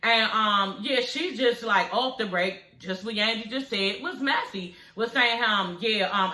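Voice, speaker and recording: A woman's voice: fairly high pitch, expressive, moderate pace, few pauses, sharp tone, echoey room, low-quality recording. A woman recapping a reality TV episode for her viewers in a sassy, gossipy, profane way, talking straight to them. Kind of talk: casual recap vlog.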